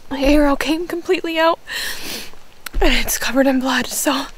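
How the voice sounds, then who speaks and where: A woman bow hunter speaking outdoors right after a shot, shaky, breathless and tearful with excitement. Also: sits high, normal speed, low-quality recording. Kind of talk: live reaction after a hunt. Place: outdoors at a hunting stand.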